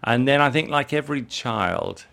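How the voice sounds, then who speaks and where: A middle-aged man from England, an interview guest who talks in a relaxed, rambling way, repeating words as he thinks aloud. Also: medium pitch, moderate pace, vocal fry. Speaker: interview guest, jewellery designer. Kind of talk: relaxed conversational storytelling.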